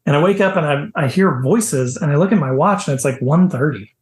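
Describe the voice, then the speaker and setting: Middle-aged Midwestern man, raised voice, animated storyteller recorded in a roomy, echoey space. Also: a little high, a little fast. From American Midwest. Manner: animated, lively anecdotes with quoted voices. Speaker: guest. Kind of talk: casual storytelling. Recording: echoey room.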